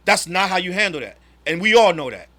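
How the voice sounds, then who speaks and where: A man co-hosting a casual podcast chat, telling a story in an animated way with quick restarts. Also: high-pitched. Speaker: podcast co-host.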